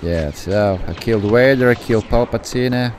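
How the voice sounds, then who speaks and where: A man giving live gaming commentary, excitable and rambling, who swears and then apologizes. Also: medium pitch, normal speed, faint music behind. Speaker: gameplay commentator.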